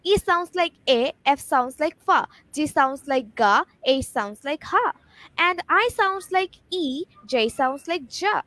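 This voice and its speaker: A woman appearing as a guest on a live online show, explaining English pronunciation in a lively, emphatic way over a video call. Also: high voice, takes it slowly, no echo, rough recording.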